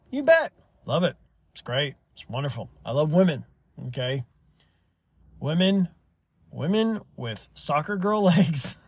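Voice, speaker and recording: A man's voice: mid-range voice, no echo. A young man hosting a solo opinion podcast, rambling and swearing freely as he argues his views. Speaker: podcast host.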